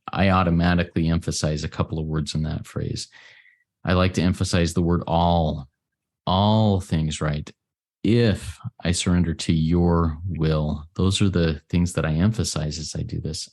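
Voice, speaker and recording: A man from the United States giving an earnest, reflective share at a recovery meeting, often pausing and restarting his sentences. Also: low voice, darkish tone. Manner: earnest, halting, with many restarts.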